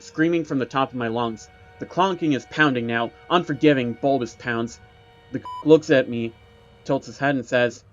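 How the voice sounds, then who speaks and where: A man's voice: medium pitch, moderate pace. A man narrating a first-person horror story in a tense, dramatic storytelling voice. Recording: dull recording with background music.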